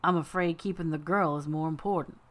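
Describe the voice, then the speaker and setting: A woman voicing a well-spoken male trickster rabbit with a smooth, unhurried Southern accent in an audiobook. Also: sits low, fairly even intonation, lightly acted. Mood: silky, persuasive. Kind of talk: audiobook character voice.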